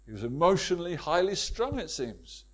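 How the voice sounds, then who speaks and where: A man's voice: sits high, big pitch swings, normal speed. A man preaching a sermon with emphatic repetition and rhetorical questions to his congregation.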